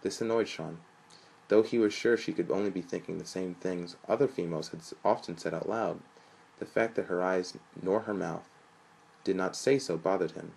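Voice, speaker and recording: A young man reading a story aloud in an even, flat manner, lifting his voice for quoted lines. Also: low-pitched, normal speed, vocal fry, husky, poor audio. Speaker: narrator.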